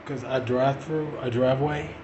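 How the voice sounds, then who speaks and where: A man in his forties telling a personal story in a casual, animated way, swearing and acting out what people said. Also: mid-range voice, moderate pace, lo-fi sound, background noise. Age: 40s. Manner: animated, profane, acting out quotes. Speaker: vlogger.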